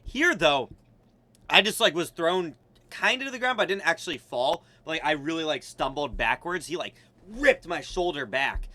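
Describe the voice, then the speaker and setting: A man's voice: a little high, animated, normal speed, bright, forceful tone, dry recording. A young American man streaming, chatting casually and reacting with loose slang, frequent swearing and laughs. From United States.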